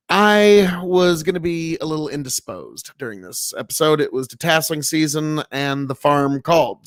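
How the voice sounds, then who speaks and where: A man's voice: fairly high pitch, dry recording. A man co-hosting a podcast, talking in a folksy, rambling way to his listeners. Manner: folksy, rambling promo talk. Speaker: podcast co-host. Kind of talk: casual podcast chat.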